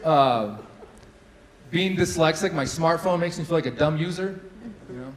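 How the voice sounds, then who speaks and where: Audience laughter fills a large hall as a comedian in his thirties works through a self-deprecating, filler-heavy set in a chatty style. He talks at a moderate pace in a fairly high voice, captured on poor audio.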